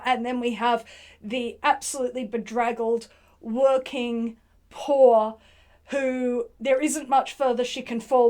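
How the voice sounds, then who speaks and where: A woman's voice: on the high side, darkish tone. A woman giving an informal lecture, retelling a play in a conversational way and thinking aloud as she goes. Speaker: literary commentator.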